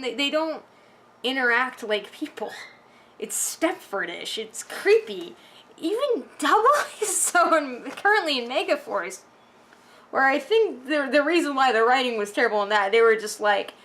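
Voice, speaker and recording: A woman's voice: sits high, lively intonation, a little slow, a bit bright, slight background noise. A woman vlogging from home, ranting casually with lots of restarts and fillers. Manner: rambling, frustrated, many restarts and fillers.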